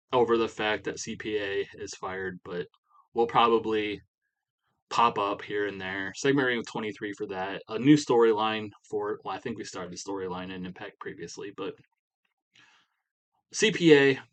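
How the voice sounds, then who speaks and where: A young man with a lowish voice talks through a wrestling sim in a loose, rambling way. He leans on "you know" over and over and keeps it casual, like a let's play host chatting to viewers. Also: fairly bright tone, rough recording.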